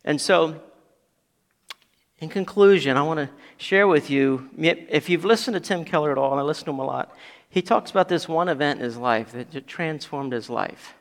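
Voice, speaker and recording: A man preaching a sermon as pastor, building to loud emphatic peaks and dropping to quiet asides. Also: a little high, moderate pace, creaky, big-room sound.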